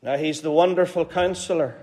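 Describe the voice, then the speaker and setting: Man, Northern Irish accent, preacher, high voice, earnest and pleading, reverberant hall. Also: fairly even intonation, brisk, a little mellow. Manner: earnest, pleading, repeats phrases for emphasis. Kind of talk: sermon.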